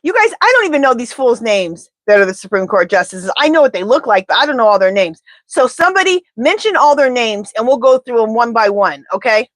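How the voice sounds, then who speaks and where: A woman reading tarot on a live stream, chatting and rambling as she talks to her viewers. Her voice sits a bit high. The sound is dry and close, with no room echo. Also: big pitch swings, fairly quick, few pauses, a bit bright. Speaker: tarot reader. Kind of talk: casual live-stream chat.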